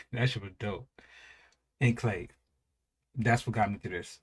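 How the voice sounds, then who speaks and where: A man in his thirties giving casual reaction commentary, animated and profane, laughing often and drawing out his exclamations. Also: lowish voice, unhurried, husky. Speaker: reaction video host.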